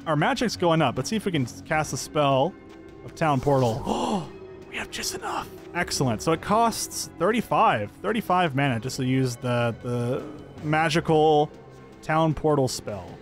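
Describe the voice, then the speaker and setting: A man's voice: fairly high pitch, lively intonation, measured pace, soft background music. A man giving upbeat, chatty let's-play commentary, thinking aloud as he plays. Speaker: gameplay commentator.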